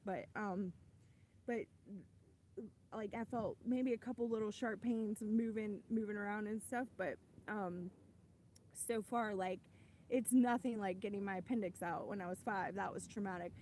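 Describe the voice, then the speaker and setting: A woman's voice: mid-range voice, fairly even intonation, moderate pace, a little mellow, a little hiss or hum, poor audio. A woman telling her personal faith testimony in a casual, earnest way, rambling with many restarts. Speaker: ministry host giving a testimony.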